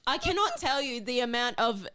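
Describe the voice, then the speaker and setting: A woman's voice: on the high side, big pitch swings, moderate pace, pushed and bright, clean tone, dry recording, studio quality. A young woman co-hosting a casual chat podcast, blunt and swearing, laughing often. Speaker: podcast co-host.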